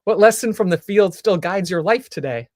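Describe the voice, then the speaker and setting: A woman's voice: medium pitch, expressive, moderate pace, darkish tone, dry recording. A woman hosting a live interview, asking questions and teasing her guest playfully. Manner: encouraging, playful prompts and laughs. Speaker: host.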